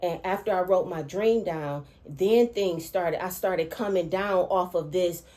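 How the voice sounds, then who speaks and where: Excitable woman recounting a dream. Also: on the low side, a little slow. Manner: excitable, repetitive, breaks off and restarts, keeps saying 'all right' and 'okay'; swings between hushed and loud, dragged-out emphasis. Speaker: spiritual vlogger and dream interpreter. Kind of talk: emotional personal testimony to camera.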